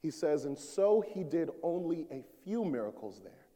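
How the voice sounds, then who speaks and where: A man preaching a sermon as an associate minister, swelling to shouts and dropping low. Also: sing-song, normal speed, in a large hall.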